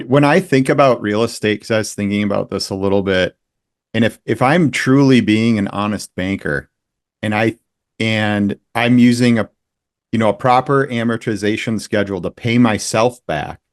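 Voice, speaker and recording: Low-voiced man explaining at length. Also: normal speed, no room sound, studio quality. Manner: explanatory, builds long reasoned points. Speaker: panel guest. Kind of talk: casual round-table chat.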